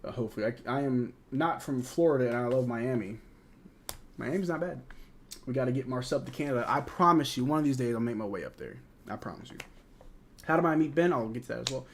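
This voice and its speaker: A young American man hosts a live watch-along, fielding chat questions and reacting to plays as a frustrated fan in laid-back, slangy banter. His mid-range voice has lively intonation and a fast pace, with slight background noise.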